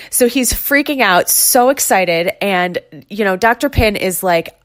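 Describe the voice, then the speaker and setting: A woman's voice: medium pitch, normal speed, hardly any pauses. Woman podcaster, thirties, from New York; chatty, gushing storyteller. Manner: chatty, gushing, retells stories with quoted voices. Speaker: podcast host. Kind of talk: casual solo podcast chat.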